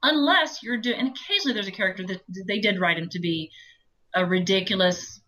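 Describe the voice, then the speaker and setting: A woman with a low voice, an audiobook narrator talking through her approach in a chatty, explanatory interview. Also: a little fast, pushed and bright, rough recording. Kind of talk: conversational interview.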